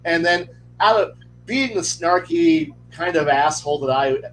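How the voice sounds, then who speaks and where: Animated high-voiced man telling a story. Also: a little slow, a little hiss or hum, low-quality recording. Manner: animated, profane, acts out quotes in pitch jumps. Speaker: podcast panelist. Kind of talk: casual storytelling.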